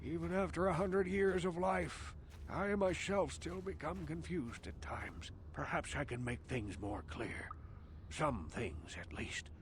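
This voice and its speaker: A very old, wise outcast man from a video game, asks his questions with solemn, theatrical weight. His voice sits a little high for a man. A faint hiss runs under the lines. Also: lively intonation, unhurried. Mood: musing. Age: older. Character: ancient wise male outcast elder, grandly pleading.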